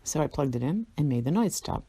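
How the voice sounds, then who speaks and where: A woman's voice: sits low, animated, a little fast, mellow, breathy edge, no room sound. Profane, rambling woman telling a story. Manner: profane, rambling, laughs often. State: tired. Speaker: vlogger. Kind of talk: casual storytelling monologue.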